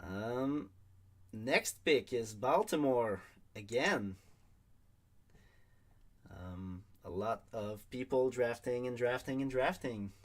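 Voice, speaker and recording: A man's voice: mid-range voice, expressive, takes it slowly, pauses often. A man hosting a live league draft stream, speaking in casual commentary with many ums and restarts. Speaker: draft broadcast host.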